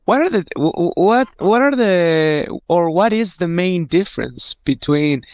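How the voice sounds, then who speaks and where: A man's voice: sits high, expressive, measured pace, no room sound, studio quality. A man hosting a casual talk show, asking his guests questions and reacting briefly. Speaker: host. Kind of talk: casual chat.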